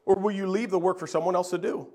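A man's voice: high-pitched, fairly even intonation, quick pace, a little mellow. A man preaching a sermon, reading scripture aloud and repeating key phrases with frequent fillers. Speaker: pastor.

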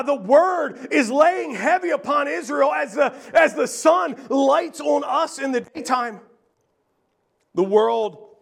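A man's voice: very high-pitched, creaky, fairly bright tone. A man preaching a sermon, reading scripture aloud and repeating key phrases with frequent fillers. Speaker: pastor.

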